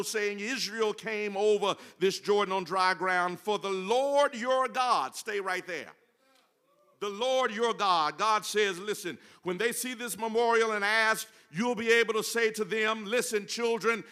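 In a church sanctuary, a male pastor preaches a sermon with rising fervor, building to fervent phrases that are half-sung and chanted. His voice sits high, bright, and forceful.

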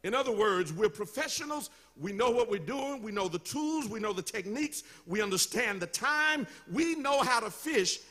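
Lively, bright-voiced preacher man. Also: high voice, moderate pace, hardly any pauses. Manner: animated storytelling preaching with call-and-response. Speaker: pastor. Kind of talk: sermon. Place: church.

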